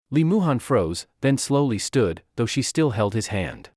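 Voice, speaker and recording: A man narrating a comic recap story with a dramatic, animated delivery. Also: mid-range voice, unhurried, few pauses, husky, no room sound, clean studio sound.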